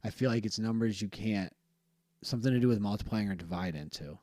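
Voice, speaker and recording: A man's voice: on the low side, fast, a little mellow, no room sound. A man co-hosting a casual chat with short, laid-back replies. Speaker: co-host.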